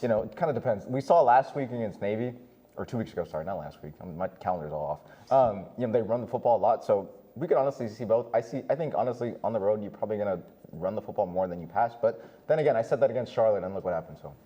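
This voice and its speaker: A young man on a sports panel giving quick analysis and often correcting himself in casual chat. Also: lowish voice, expressive, dark tone, highs cut off.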